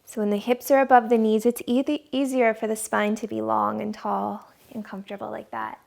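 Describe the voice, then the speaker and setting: A woman yoga instructor leading a gentle class from her living room in a slow, soothing guiding voice. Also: a little high, level tone, creaky.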